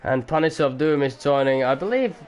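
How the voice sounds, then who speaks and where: A man doing amateur commentary on a sim race at home, excitable at times, swearing now and then, and keeping his voice down for the neighbours. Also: medium pitch, a little fast, highs cut off, slight background noise. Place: home room.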